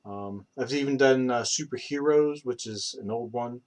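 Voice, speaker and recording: A man's voice: mid-range voice, normal speed, a little mellow. A young man on a live stream who rambles casually, with many fillers and restarts. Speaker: streamer practicing accents.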